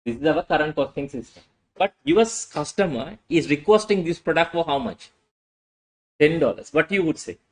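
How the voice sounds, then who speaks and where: A man's voice: fairly high pitch, lively intonation, normal speed, poor audio. A male lecturer teaching a class, often asking "what?" and answering himself. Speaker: accounting lecturer.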